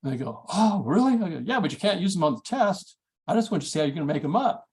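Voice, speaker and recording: Gravelly husky guy giving a teaching workshop, folksy, acts out chats with students, kinda high voice. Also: expressive, quick pace, a little mellow. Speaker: math study skills workshop presenter. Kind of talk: conference workshop talk.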